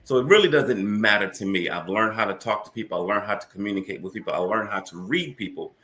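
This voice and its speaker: A man who is a guest on a podcast, speaking over a video call in a steady, self-assured and measured way. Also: lowish voice. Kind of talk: casual group conversation.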